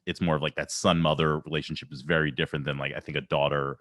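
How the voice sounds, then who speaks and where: A man's voice: rumbling low, little pitch movement, fast, a bit bright, dry recording, clean studio sound. A man hosting a podcast, chatting casually in long, rambling sentences. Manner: rambling, loose phrasing. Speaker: podcast host. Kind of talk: casual chat.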